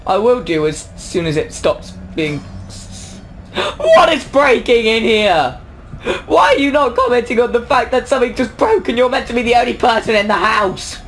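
A man's voice: very high voice, fairly quick, a bit bright, slight background noise. A young man commenting on a horror video game, jumpy, yelping and talking back at the characters. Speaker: gaming YouTuber.

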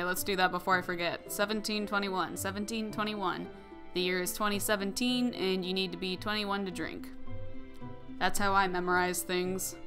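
A young woman hosting a game playthrough, chatting casually with rambling, giggly asides. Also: fairly low pitch. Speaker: gaming channel host. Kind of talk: casual let's-play commentary.

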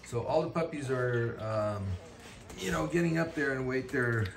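A man's voice: mid-range voice, lively intonation, moderate pace. A man who breeds dogs, chatting casually on a vlog and talking fondly to puppies, filmed on a handheld camera indoors. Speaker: dog breeder. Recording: noisy home video.

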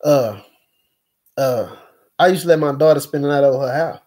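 A man speaking in a rambling personal monologue, with features, halting often with fillers and restarts. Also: mid-range voice, darkish tone. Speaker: speaker recounting experiences.

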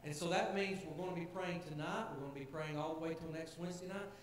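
A pastor with a slightly high voice talks fast, preaching a sermon to his congregation in a church sanctuary. He's earnest and conversational, building toward emphatic points, and the recording has heavy church-hall echo and faint hiss.

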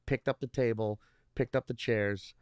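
A man's voice: medium pitch, fairly even intonation, normal speed, a little mellow, no echo, clean studio sound. A male stand-up comedian guesting on a podcast, talking in a rambling, profane way with many restarts. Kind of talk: casual podcast interview.

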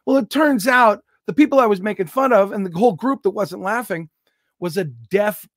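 A man's voice: sits high, moderate pace, no room sound, clean studio sound. A man, a comedian guest on a podcast, telling a story with self-deprecating, jokey asides. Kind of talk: comic storytelling.

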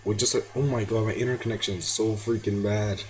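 In a rough recording with a bit of hiss or hum, a fast-talking teen gamer with a lowish voice commentates casually on his game. He's excitable, yelping and pleading with it and slipping into now and then.

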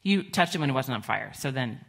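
A middle-aged woman pastor giving a children's sermon in a church, gentle and conversational, asking the children questions. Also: a bass voice, animated, a little fast, gravelly. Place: church sanctuary.

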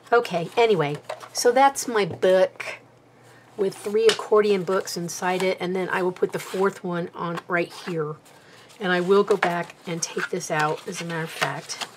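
A woman with a somewhat low voice talks through her craft project while she works with her hands. She is chatty and pokes fun at herself, a little out of breath, with faint noise under the recording. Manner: chatty and self-deprecating, talking while working with her hands. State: slightly out of breath. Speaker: crafter demonstrating bookbinding. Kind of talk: casual craft tutorial chat.

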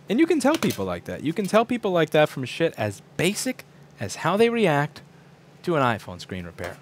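A man's voice: on the high side, huge pitch swings, moderate pace. A man in his thirties, a repair shop owner, ranting casually to camera, profane, acting out quoted people in shifting voices.

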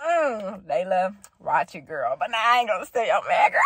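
A woman with a hoarse voice and speech, hosting a loud, expressive reaction video, squealing and cursing. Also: mid-range voice, normal speed, few pauses, slight background noise. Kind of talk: casual reaction commentary.

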